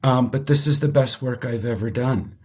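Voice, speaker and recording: Middle-aged male interview guest, animated storyteller, mid-pitched voice. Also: normal speed, husky.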